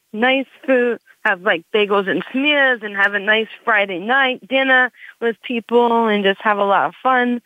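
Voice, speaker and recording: A woman's voice: medium pitch, no echo. A Gen X woman in her forties or fifties doing a meandering stand-up monologue, full of restarts and fillers. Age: Gen X, 40s to 50s. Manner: meandering, self-interrupting, lots of likes. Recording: tinny phone-like dry recording.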